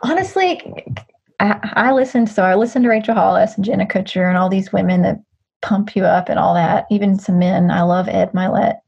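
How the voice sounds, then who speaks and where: A woman's voice: mid-range voice, fairly quick, vocal fry, a little mellow, breathy edge, dull audio. A woman speaking as an interview guest in a casual, candid chat, rambling with frequent restarts. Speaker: guest, social media creator.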